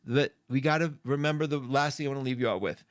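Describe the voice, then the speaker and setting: A man's voice: mid-range voice, quick pace, smooth, dry recording, studio quality. Chatty effusive male live-stream host. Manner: chatty, effusive, emotional, greeting viewers by name. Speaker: astrology show host. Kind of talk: live stream chat with viewers. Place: indoor room. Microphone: studio mic.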